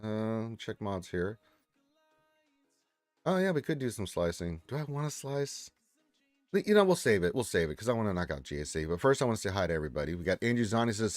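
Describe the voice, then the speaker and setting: A man's voice: lowish voice, sing-song, quick pace, no room sound, faint music behind. A man hosting a casual gaming livestream, chatting loosely and reading viewer comments with a joking manner. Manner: laid-back, rambling, joking. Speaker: livestream host.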